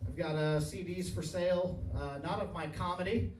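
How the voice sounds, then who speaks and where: A high-pitched man in his thirties rambles through a crude stand-up routine and keeps chuckling at his own punchlines. His voice rings around an echoey bar and sounds picked up from a distance. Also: moderate pace, darkish tone, a little hiss or hum. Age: 30s. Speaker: stand-up comedian. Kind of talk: stand-up comedy set. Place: bar stage, live audience. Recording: echoey bar recorded from afar.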